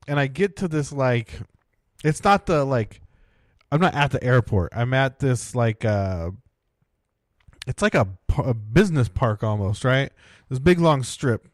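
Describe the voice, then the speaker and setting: A man's voice: medium pitch, dry recording, studio quality. A man, co-hosting a podcast and telling a long casual story packed with fillers. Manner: rambling, many "like" and "right?" fillers. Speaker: podcast co-host.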